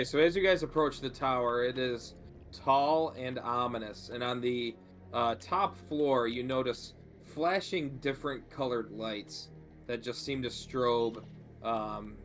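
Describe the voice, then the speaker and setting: A man narrating as game master in a tabletop game, relaxed and full of fillers. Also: medium pitch.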